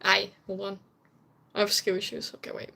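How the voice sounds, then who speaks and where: A woman's voice: medium pitch, monotone, normal speed, gravelly, pushed and bright. Chatty Dutch woman streamer. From Netherlands. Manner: chatty, laughs often, searches for English words. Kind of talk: casual chat with viewers.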